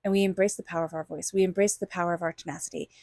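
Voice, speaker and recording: A woman's voice: on the low side, fairly even intonation, racing, gravelly, a little mellow, dry recording, clean studio sound. A woman tarot reader giving a monthly reading straight to her viewers, chatty and enthusiastic, sometimes acting out little quoted voices.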